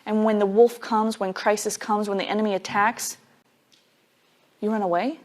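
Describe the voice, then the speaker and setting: A woman Bible teacher delivering a sermon in a relaxed, conversational way. She leans hard on key points and scatters "like" through her explanations, in a voice of middling pitch. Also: normal speed. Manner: casual and emphatic, with frequent "like" fillers.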